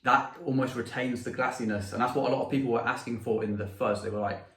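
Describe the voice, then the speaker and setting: A man's voice: medium pitch, steady tone, fast, a bit bright. A man who builds guitar pedals, chatting as an interview guest, laughing easily and rambling through restarts. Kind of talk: casual interview chat. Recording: roomy echo.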